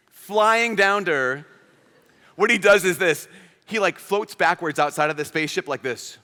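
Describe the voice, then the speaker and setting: A man's voice: high-pitched, lively intonation, brisk, bright, forceful tone. A man preaching a homily at a youth conference, telling stories animatedly and acting out the characters he quotes. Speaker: priest. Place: large conference hall. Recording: reverberant large hall.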